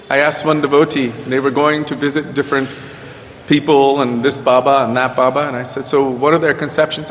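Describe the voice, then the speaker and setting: A man's voice: a little high, steady tone, fairly quick, a bit bright, slight background noise. A man teaching a group at a devotional gathering, telling stories and quoting his guru with emphatic rises. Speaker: spiritual teacher. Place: Vrindavan. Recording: livestream with long hall reverb.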